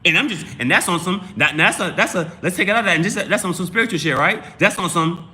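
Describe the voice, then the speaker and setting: Guy hosting a live stream, bright sharp voice, kinda high, swears a lot and rambles. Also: fast talker, slight background noise. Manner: profane, rambling, emphatic; repeats and restarts phrases. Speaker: host of a live tarot stream. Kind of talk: casual live-stream talk.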